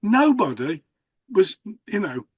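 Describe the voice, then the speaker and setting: A man's voice: high-pitched, very animated, slow pace, a little mellow, husky, no room sound. A man hosting a conversation, telling rambling stories with many restarts. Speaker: host, magician. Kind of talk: casual conversation.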